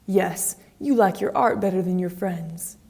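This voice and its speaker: A woman's voice: fairly low pitch, measured pace, vocal fry, a little mellow. A woman reading as a vain young man, pleading. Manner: pleading, emotional outbursts. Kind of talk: graded reader audiobook acting.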